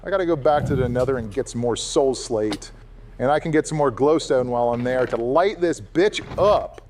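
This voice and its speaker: A man's voice: mid-range voice, animated, moderate pace, a little mellow, slight background noise, close to an everyday voice. A man putting on an exasperated male politician, sarcastic and swearing while playing a game. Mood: annoyed. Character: exasperated male politician impression, easily irritated. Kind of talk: comedic gameplay voice impression.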